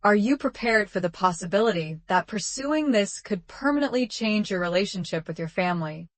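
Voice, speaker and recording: A woman narrator voicing a calm, procedural male lawyer in a drama story. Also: medium pitch, a little fast, dry recording, lightly acted.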